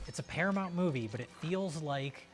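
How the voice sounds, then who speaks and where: A man's voice: a little high, lively intonation, fairly quick, soft background music. A man hosting a casual film review podcast, rambling and enthusiastic with many fillers. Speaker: podcast host.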